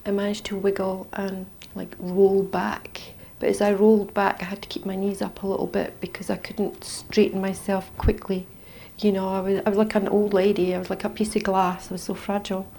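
A middle-aged woman with a Scottish accent tells a personal story. Her delivery is halting and intense, dropping to near-whispers and then rising again. A faint hiss of background noise sits under her voice. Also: medium pitch, flat delivery, gravelly. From Scotland. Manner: intense, halting storytelling that swings between hushed and raised. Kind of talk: personal testimony.

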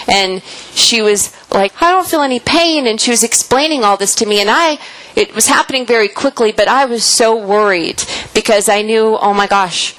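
A woman's voice: medium pitch, fairly bright tone, poor audio. A woman firmly recounting a shared experience in conversation, with emphatic quoted speech. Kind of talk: conversational storytelling.

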